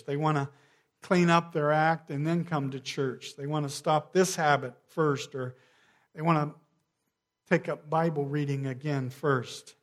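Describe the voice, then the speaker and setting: Slow, measured male preacher. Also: a little high. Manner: slow, measured preaching, dropping to a hush on key phrases. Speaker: pastor. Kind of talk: sermon.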